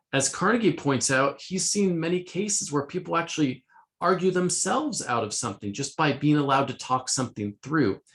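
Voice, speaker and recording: A middle-aged man with a somewhat high voice and vocal fry gives a conversational lesson summarizing a self-help book. He quotes passages and restarts phrases as he goes, keeping it casual.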